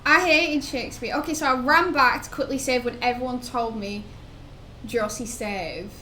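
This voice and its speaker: A woman's voice: sits high, brisk, pushed and bright, slight background noise. A young woman, chatting casually and rambling while she streams a game, laughing often. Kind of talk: casual gaming stream chat.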